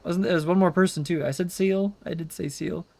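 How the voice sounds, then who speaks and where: A young man streams a game and chats playfully with his viewers, rambling, reacting to chat, and throwing in meows. His voice sits high with a steady tone, brisk, creaky, and somewhat dark.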